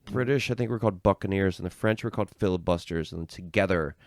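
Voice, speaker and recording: Low-voiced American man chatting. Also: fast, darkish tone, dry recording, clean studio sound. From United States. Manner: loose, hedging with "I think", swearing. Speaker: podcast co-host. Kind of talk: casual chat.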